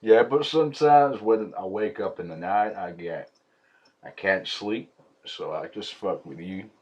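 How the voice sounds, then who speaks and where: Man, prank caller, put-on Southern accent, mock-timid, low voice, dull phone audio. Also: a little slow, a little mellow. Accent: put-on Southern US hillbilly. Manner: mock-timid, apologetic, mumbling.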